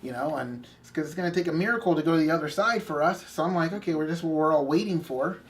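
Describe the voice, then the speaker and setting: A young man co-hosting a faith video channel, telling a story in casual chat with animated asides and self-corrections. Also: fairly high pitch, fast talker.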